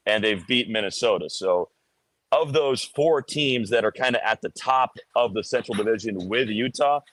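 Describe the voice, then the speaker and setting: A man's voice: lowish voice, normal speed, a bit bright, no room sound. A man, a hockey radio broadcaster, calling in to break down his team's standings in a casual analytical way. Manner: analytical, talks through stats with restarts. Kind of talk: sports radio phone-in analysis.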